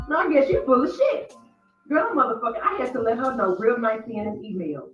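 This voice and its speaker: A woman's voice: fairly high pitch, animated, a little fast. A woman hosting a casual commentary show, telling a story in a blunt, profane way and quoting people mockingly. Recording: roomy, distant mic, dull sound, faint music.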